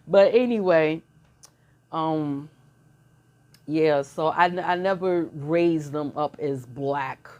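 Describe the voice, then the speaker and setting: A woman's voice: sits low, extremely slow, long pauses, a little mellow, muffled recording. A middle-aged woman telling stories in a blunt, slangy casual monologue, often laughing. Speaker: channel host.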